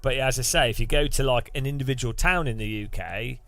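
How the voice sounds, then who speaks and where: A young man talks loosely as he plays, circling his point with lots of filler words. His voice sits at an ordinary middle pitch. Faint music plays underneath. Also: quick pace, creaky, fairly bright tone, no echo. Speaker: streamer. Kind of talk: casual chat while gaming.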